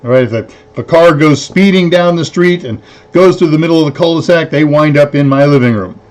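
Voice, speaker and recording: Hosting a weekly tech livestream, a man with a slightly high, a little mellow voice talks briskly in a loose, rambling style. He counts out loud and keeps correcting himself.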